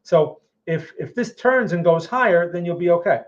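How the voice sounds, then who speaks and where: A man's voice: sits high, expressive, normal speed. A man hosting a live market analysis, talking viewers through charts in a loose conversational way and often checking in with them. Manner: conversational, keeps checking in with "right?" and "okay?"; repeats and restarts phrases while thinking aloud. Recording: dull lo-fi sound.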